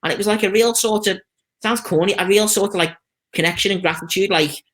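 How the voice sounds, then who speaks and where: A man's voice: high voice, brisk. A man with a Liverpool accent, a stuntman telling stories in a casual interview. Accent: Liverpool (Scouse). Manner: chatty storytelling, lively anecdotes with quoted voices. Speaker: stuntman guest.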